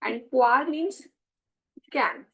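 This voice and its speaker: A woman teaching French grammar. She explains step by step, says French phrases slowly and then translates them. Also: high-pitched, gravelly, breathy edge, lo-fi sound. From India. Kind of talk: classroom explanation.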